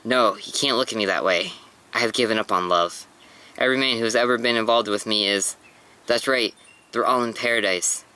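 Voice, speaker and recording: Sultry runaway woman in a manga reading, a man putting her on, bright tone. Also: lowish voice, normal speed, clean tone, low-quality recording. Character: woman, seductive femme fatale on the run.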